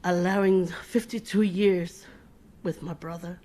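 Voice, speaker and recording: A woman's voice: lowish voice, fairly even intonation, measured pace, warm tone. A middle-aged woman speaking at her brother's funeral, emotional and informal, often restarting her words and laughing between tears. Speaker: eulogy speaker, sister of the deceased. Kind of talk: funeral eulogy.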